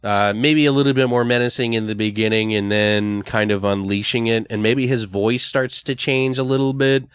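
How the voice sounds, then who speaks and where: Rambling, foul-mouthed man with a smooth voice. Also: mid-range voice, fairly even intonation, normal speed, few pauses, no echo, studio quality. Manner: rambling, profane, full of fillers. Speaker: podcast co-host. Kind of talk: casual brainstorming chat.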